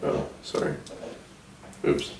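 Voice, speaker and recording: A man's voice: slow pace, darkish tone, echoey room, distant mic, a little hiss or hum, lightly acted, poor audio. A man playing a rambling, self-important older film mogul in a satirical mock interview, distracted and defensive.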